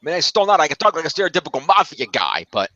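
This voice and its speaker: A man from New York co-hosting a casual podcast chat, quick and self-deprecating with easy laughs. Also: fairly high pitch, sing-song, sharp tone, dull audio. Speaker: podcast co-host.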